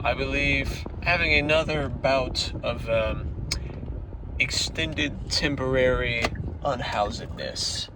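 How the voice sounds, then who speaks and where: A man talking easily into a camera while he drives, chatty and relaxed. He sits well back from the mic. Loud road and car noise runs under his voice throughout. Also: mid-range voice, slow pace, distant mic. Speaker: vlogger. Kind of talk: casual vlog chat.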